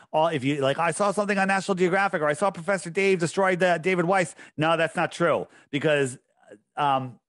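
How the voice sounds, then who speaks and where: A man's voice: on the high side, a bit bright, no room sound, clean studio sound. A man speaking as a podcast guest in casual chat, insistent and emphatic, often repeating himself.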